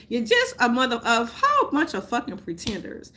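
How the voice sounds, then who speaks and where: A woman, ranting loudly and profanely to her viewers, laughing often. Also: a little high, huge pitch swings, brisk, few pauses, slight background noise. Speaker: vlogger. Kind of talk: unscripted rant to camera.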